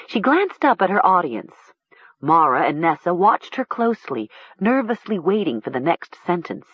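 A woman narrating a storybook in a measured, expressive way. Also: lowish voice, husky, no room sound. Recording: dull lo-fi recording.

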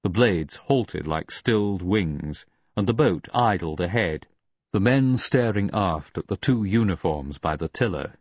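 Husky low-voiced guy reading a novel, lots of ups and downs, dry muffled audio. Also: no room sound. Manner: expressive, dramatic reading. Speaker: audiobook narrator. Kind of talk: scripted narration.

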